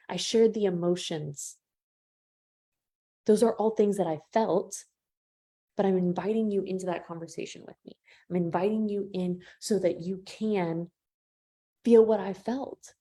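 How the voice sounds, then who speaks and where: Leading a live training, this woman business coach speaks in a mellow voice at a measured pace, leaving long pauses. She addresses listeners warmly as "y'all" and acts out quotes with dramatic pitch changes.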